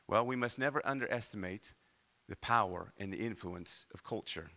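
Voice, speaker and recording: A man from Iowa preaching a sermon as pastor, with animated delivery and many rhetorical questions. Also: lowish voice, moderate pace. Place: church.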